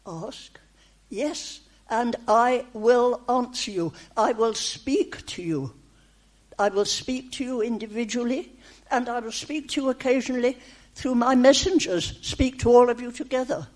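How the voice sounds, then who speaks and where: A woman delivers a prophetic message in the voice of God, speaking in short, repeated, reassuring phrases. She speaks slowly, with long pauses between her words. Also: a little high, darkish tone. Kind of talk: prophetic speech in the first person as God.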